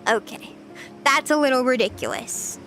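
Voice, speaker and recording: A woman's voice: high voice, expressive, moderate pace, fairly bright tone, faint music behind. A young woman streaming casual chat, playful and chatty, often giggling as she reads her chat. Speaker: VTuber streamer.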